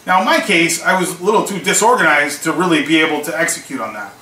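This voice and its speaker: Speaking quickly in a slightly high, pushed and bright voice, this vlogger, a small online seller, recounts a story in a relaxed way and voices both people in each exchange. The mic sits far off in an echoey room, with a little hiss underneath.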